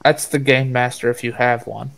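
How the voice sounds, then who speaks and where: A man's voice: medium pitch, little pitch movement, moderate pace, vocal fry, fairly bright tone. Wry young gamer guy, swearing. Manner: wry, swears, explains things. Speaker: gamer co-player. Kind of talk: casual gaming chat.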